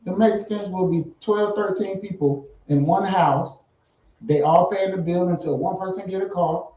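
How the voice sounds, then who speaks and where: A man's voice: high voice, normal speed, dull audio. Emphatic man, distant roomy sound. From Fayetteville, born in Savannah, Georgia. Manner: animated, emphatic, swears freely. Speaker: guest artist. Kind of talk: casual interview chat.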